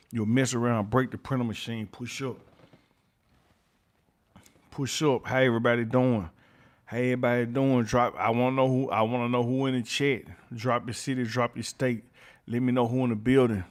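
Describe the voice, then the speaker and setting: A man's voice: medium pitch, steady tone, normal speed. A man hosting a YouTube livestream, greeting chat viewers by name and repeating his catchphrases. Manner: repeats catchphrases, reads chat names aloud, chuckles often. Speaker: YouTube channel host.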